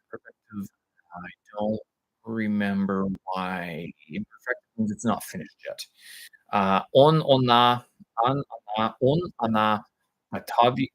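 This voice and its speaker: Slow, halting man practicing Russian aloud. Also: on the low side. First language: English. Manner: halting, thinks aloud, many fillers and restarts. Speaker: vlog host practicing Russian. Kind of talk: casual live-stream language practice.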